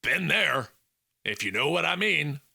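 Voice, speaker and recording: Southern US accent, calm steady mentor type, folksy, pitched up, male narrator voicing him in an audiobook. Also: unhurried, vocal fry, heavily acted. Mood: wry. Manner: soothing, folksy. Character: gruff southern man calming a friend.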